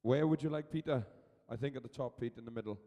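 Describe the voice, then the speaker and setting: Male arena announcer, mellow voice with long PA reverb, brisk and chatty live race calls. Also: medium pitch. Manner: brisk, chatty, urging and teasing. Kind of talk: live sports commentary over a public address.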